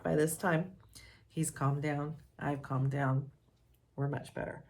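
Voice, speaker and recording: A woman counselor telling a story in a calm, earnest way. Her voice sits low and has a gravelly edge. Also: takes it slowly, background noise. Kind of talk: personal storytelling talk.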